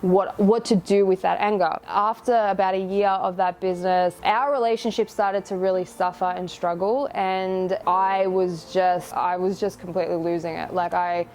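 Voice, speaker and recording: A woman's voice: mid-range voice, steady tone, normal speed, hardly any pauses, darkish tone, a little hiss or hum. Candid young woman recounting her past. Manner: candid, reflective, confessional, with casual swearing. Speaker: guest telling her life story. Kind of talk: personal storytelling.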